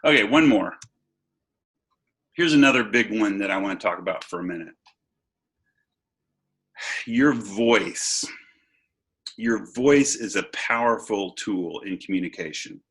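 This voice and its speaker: A man's voice: fairly low pitch, animated, a bit bright. A man who is a pastor, giving an online seminar lecture over a video call in a conversational way, with fillers and restarts. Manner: conversational, pauses with fillers and restarts, stresses points.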